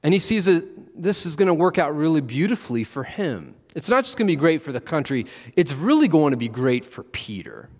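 A man preaching a sermon, telling the story with animated, acted-out quotes. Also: fairly high pitch, a little fast, hardly any pauses. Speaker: pastor. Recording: long reverb of a large hall.

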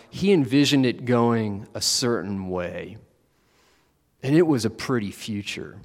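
A man preaching a sermon, telling the story with animated, acted-out quotes. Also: medium pitch. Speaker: pastor. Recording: long reverb of a large hall.

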